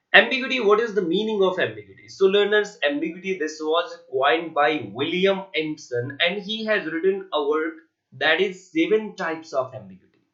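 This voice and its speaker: A man with an Indian English accent delivers an online literature lecture in a bright, forceful voice that sits a little high. He spells terms letter by letter and keeps putting questions to his learners. The recording is echoey and muffled. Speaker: teacher. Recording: echoey room, muffled lo-fi sound.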